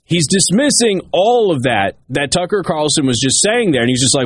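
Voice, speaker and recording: A man with a slightly raised pitch and a husky edge talks through political commentary as a talk show host. He drives home his points by repeating them, and the sound is dry and close, with no room echo. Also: big pitch swings, normal speed. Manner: emphatic, repeats key points.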